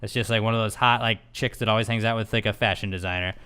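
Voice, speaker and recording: A man's voice: fairly low pitch, fairly even intonation, fast talker, bright, forceful tone, smooth. A young man co-hosting a podcast, telling stories in laid-back casual chat with many fillers. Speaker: podcast co-host.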